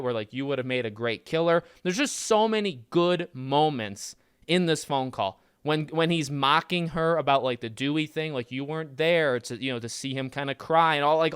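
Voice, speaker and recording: Male podcast host, smooth resonant tone, loose restart-heavy delivery, dead-dry close mic. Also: fairly high pitch, dry recording. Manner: rambling, animated, frequent restarts and fillers. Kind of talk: casual film commentary.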